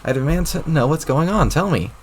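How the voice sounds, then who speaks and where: A man's voice: on the high side, expressive, fairly quick, slight background noise, voice pushed up, lightly acted. A man voicing a petulant, arrogant young male alien who barks demands and sulks, reading a webcomic aloud. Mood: indignant. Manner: shouty, indignant, demanding.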